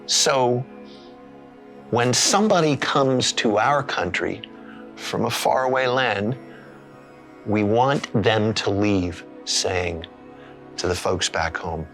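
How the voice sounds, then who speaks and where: Expressive man telling a story. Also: on the low side, vocal fry, faint music behind. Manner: expressive, dramatic pauses. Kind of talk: personal storytelling.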